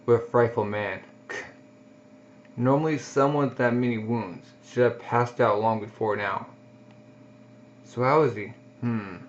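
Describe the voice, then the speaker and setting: A man reads as a stern older field doctor who loses patience with a stubborn patient. He speaks slowly in a plain middle voice. The recording sounds dull and lo-fi. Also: medium pitch, a little hiss or hum, natural voice. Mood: wry.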